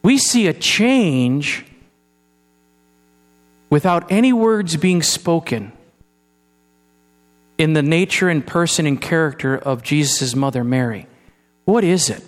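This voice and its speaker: A man preaches a sermon in an unhurried, high voice, asking his listeners questions as he goes. At times he sinks into a hushed, solemn tone. His voice carries a long hall reverb over a low mains hum. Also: animated. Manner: conversational preaching with rhetorical questions to the congregation; drops to a soft, hushed tone for solemn passages. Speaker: pastor.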